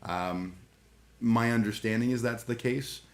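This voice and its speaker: A man's voice: medium pitch, a little slow, slight background noise. A man chatting casually on a live stream, rambling and irreverent, full of fillers and restarts. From Canada. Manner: irreverent, joking.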